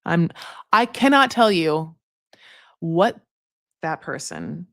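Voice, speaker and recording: A woman's voice: on the low side, very animated, slow pace, gravelly, fairly bright tone, no room sound, clean studio sound. Sassy woman recapping reality TV. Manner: chatty, sassy and profane, calls people honey. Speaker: TV recap host.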